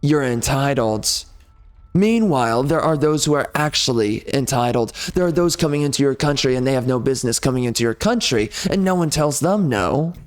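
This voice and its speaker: A man's voice: medium pitch, lively intonation, brisk, few pauses. A man from the United States delivering an angry, sarcastic monologue rant on a gaming channel, indignant and emphatic. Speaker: gaming video host.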